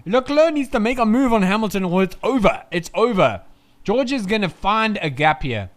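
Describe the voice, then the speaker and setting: A man calling a race live in a casual, chatty way, swearing freely as he goes. His voice sits high and sounds smooth and clean. He moves from relaxed chatter to loud, excited calls. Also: moderate pace. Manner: chatty, swears, swings from laid-back to shouting. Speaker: fan race commentator.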